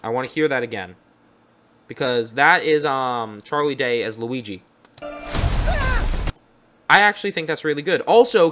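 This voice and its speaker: A man's voice: a little high, fairly bright tone. A young man giving casual, upbeat reaction commentary as a video host, rambling and correcting himself as he goes.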